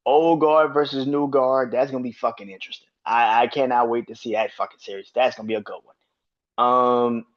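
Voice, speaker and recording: A man's voice: mid-range voice, steady tone, brisk, muffled recording, a little hiss or hum. A man hosting a sports podcast, ranting in a profane, heated way and repeating himself when worked up. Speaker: podcast host. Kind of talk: casual sports rant.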